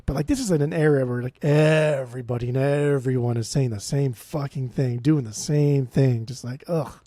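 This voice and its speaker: A man in his late thirties co-hosting a podcast, sarcastic and profane, tossing off quick dismissive quips. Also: mid-range voice, fairly even intonation, warm tone, dry recording, studio quality. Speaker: podcast co-host. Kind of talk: casual podcast chat, ranking albums.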